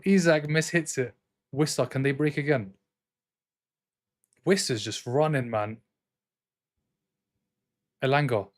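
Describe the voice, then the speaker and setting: Brief: male streamer, slightly high voice, excitable live football reaction, trades banter with chat. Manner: excitable, jumps between commentary and arguing with chat. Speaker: streamer hosting a football watchalong.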